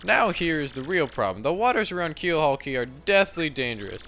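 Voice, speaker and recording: A man's voice: on the high side, big pitch swings, brisk, a bit bright, slight background noise, pitched above the performer's own voice. A man voicing a pompous, flamboyant male merchant captain with grand, theatrical phrasing. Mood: grandiose.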